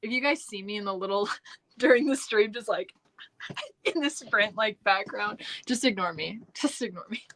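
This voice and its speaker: A woman's voice: medium pitch, moderate pace, a bit bright, a little hiss or hum. A woman co-hosting a live writing stream, chatting casually in a bubbly, gushing way and laughing often. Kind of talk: casual chat.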